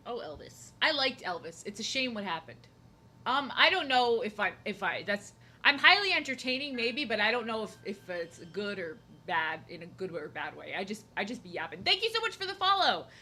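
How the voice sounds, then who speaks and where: A young woman talks while she draws at home, wandering from joke to joke and breaking off her own sentences. Her voice is bright and sits at a middling pitch. Faint noise hums underneath. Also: lively intonation, normal speed. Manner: rambling, jokey, self-interrupting. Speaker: art streamer. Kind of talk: casual chat while drawing. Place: home, seated at desk.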